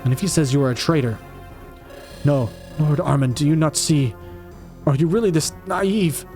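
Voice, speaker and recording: A man's voice: a little high, moderate pace, darkish tone, soft background music, close to an everyday voice. A man voicing a treacherous general who argues slyly and insistently. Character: treacherous male general, sly and accusing. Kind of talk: fan audio drama acting.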